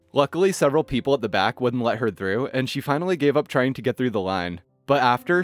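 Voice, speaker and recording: A man narrating online stories in an expressive, scripted storytelling manner. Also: medium pitch. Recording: faint background music. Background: faint music.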